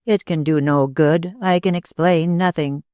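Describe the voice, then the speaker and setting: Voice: medium pitch, fairly even intonation, measured pace, darkish tone, no echo, studio quality, lightly acted. A narrator reading a weary, troubled young man. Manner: weary and anguished. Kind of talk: audiobook character reading.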